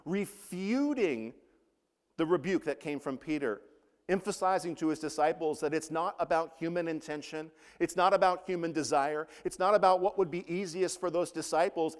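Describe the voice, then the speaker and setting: A man delivers a sermon with an expressive, dramatic preaching manner. He pauses for effect and slows down when quoting. His fairly high voice rings out with a long hall reverb. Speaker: pastor.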